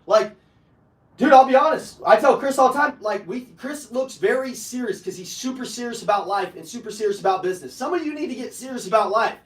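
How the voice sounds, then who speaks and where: A man running a live sales training, brash and profane, pumping up his audience and breaking into shouts. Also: very high-pitched, animated, fairly quick, reverberant, distant mic, rough recording. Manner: brash, profane, fired-up coaching, bursts into shouting. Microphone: online video call.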